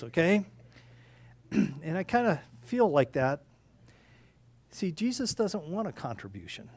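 A man preaching a sermon in a conversational way, halting with restarts and repeating key phrases. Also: sits high, dry recording. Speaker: pastor.

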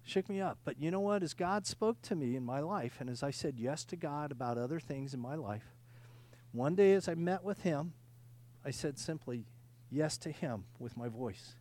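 A male pastor preaching a sermon, earnest, swinging from loud emphatic lines to quiet confiding ones, often repeating words and restarting sentences. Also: on the high side, expressive, moderate pace.

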